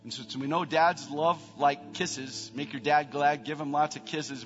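A middle-aged man, a pastor, preaching a sermon, building to emphatic peaks and then dropping into soft prayer. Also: on the high side, fairly even intonation, measured pace. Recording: long reverb, dull band, faint music.

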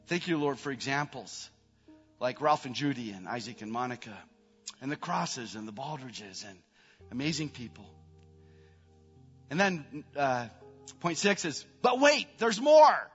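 A middle-aged man, a pastor, preaching a sermon, building to emphatic peaks and then dropping into soft prayer. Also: mid-range voice, lively intonation, unhurried, pauses often, husky. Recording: long reverb, dull band, faint music.

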